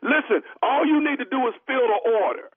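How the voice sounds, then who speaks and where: A man's voice: very high voice, expressive, a little fast, slightly rough, no room sound. A man making a prank phone call, pushy and streetwise, talking slang. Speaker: prank caller. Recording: phone line.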